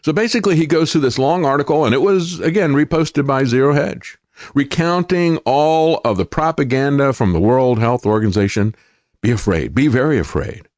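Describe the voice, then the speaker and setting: A man's voice: a little high, moderate pace, darkish tone, no room sound. A man hosting a political commentary show, talking in a sarcastic, emphatic way and often mocking what he reports. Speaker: host.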